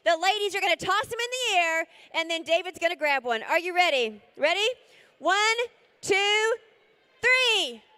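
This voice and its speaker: High, bright-voiced woman auctioneer. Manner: energetic, rapid bid-calling with repeated figures; coaxing and playful with the crowd. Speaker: charity auctioneer. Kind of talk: live charity auction calling.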